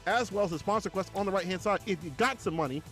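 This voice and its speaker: A man's voice: high voice, quick pace, a bit bright, faint music behind. A man doing casual esports play-by-play from a small closet at home, slangy and laid-back, talking to his chat. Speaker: esports commentator.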